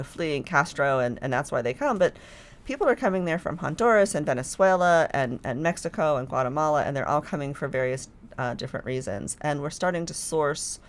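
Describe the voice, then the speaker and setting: A woman guest on a podcast, talking in a chatty, enthusiastic way with many fillers. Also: sits low. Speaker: podcast guest, filmmaker staff. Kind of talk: casual chat.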